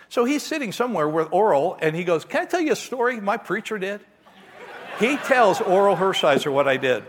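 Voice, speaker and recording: Animated storytelling pastor in a reverberant hall. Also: male voice, fairly high pitch. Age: middle-aged. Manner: animated, self-mocking storyteller. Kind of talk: sermon with storytelling. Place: church hall.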